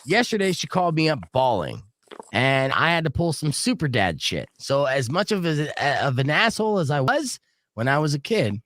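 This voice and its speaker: A middle-aged man from Arizona tells a story on a radio show, casual and animated, acting out the voices of the people in it. His pitch sits a bit high and swings widely. The studio sound is dry and close. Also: moderate pace, no room sound.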